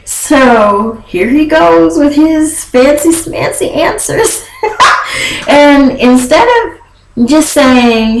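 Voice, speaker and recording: Young woman vlogger, sassy casual chat, high animated voice. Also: very slow, roomy sound, a little hiss or hum, poor audio. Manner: sassy, chatty, animated with laughs and quoted voices. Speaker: vlogger recapping a reality show. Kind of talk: casual gossip recap.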